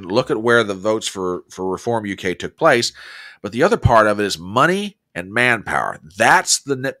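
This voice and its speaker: An American man hosts a casual livestream and reads viewer comments aloud with effusive enthusiasm. His pitch swings a lot and his tone is bright and forceful. The sound is dry and close. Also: no room sound. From United States. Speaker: livestream host.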